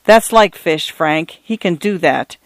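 A man's voice: fairly high pitch, lively intonation, slow pace, no echo. A man voicing a weary, dry-spoken parish priest of fifty-nine in a read-aloud story. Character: weary 59-year-old male parish priest, dry and glum.

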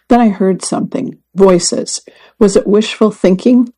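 A woman reading a first-person magazine story and article aloud in an even, measured way. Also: medium pitch, low-quality recording. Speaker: reader. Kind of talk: scripted narration of a magazine story.

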